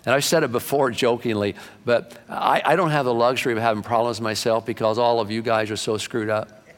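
A man's voice: mid-range voice, steady tone, fairly quick, long reverb tail. An older man preaching a sermon, telling folksy stories and building up to fervent preaching. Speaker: pastor.

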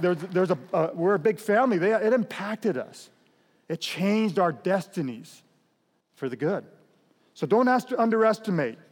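A middle-aged man preaching a sermon in a conversational style, swinging between loud emphatic bursts and soft, quiet drops. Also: a little high. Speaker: pastor. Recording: long hall reverb.

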